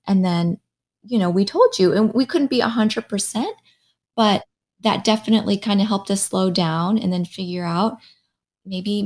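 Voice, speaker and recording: A pediatric radiologist in her thirties speaks in a mid-range voice with vocal fry. She's telling a story in casual conversation, animated and acting out what people said.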